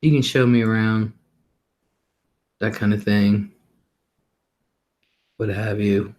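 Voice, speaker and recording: A man's voice: lowish voice, steady tone, takes it slowly, darkish tone, muffled recording. A middle-aged man hosting a livestream, talking casually and rambling about his day, often laughing and swearing offhandedly. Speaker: livestream host.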